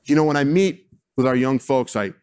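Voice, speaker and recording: A man speaking as a sports team executive, giving a keynote speech and telling stories in an emphatic, animated way. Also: medium pitch, brisk, clean tone.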